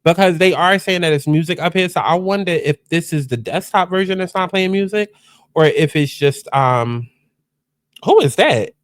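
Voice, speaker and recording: A man's voice: high voice, moderate pace, no echo, studio quality. A man hosting a casual reaction commentary, chatty and exclamatory as he talks straight to his viewers. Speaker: host.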